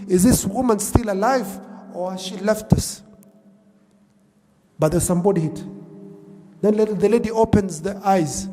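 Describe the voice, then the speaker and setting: A man's voice: high-pitched, warm tone, big-room sound. A man preaching a sermon, telling a moving story with emotion and quoting its figures in Arabic and then English.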